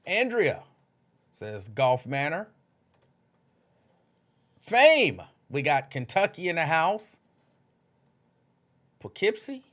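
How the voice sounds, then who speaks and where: Lively-voiced male livestream host. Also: a little high, takes it slowly, long pauses. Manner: conversational, greets viewers by name, loose informal speech. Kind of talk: casual livestream chat, reading viewer comments.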